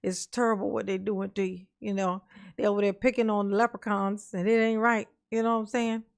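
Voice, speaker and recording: A woman's voice: medium pitch, flat delivery, brisk, gravelly. A woman hosting a commentary stream, taunting and mocking in slangy talk, often breaking into laughter. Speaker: commentary host.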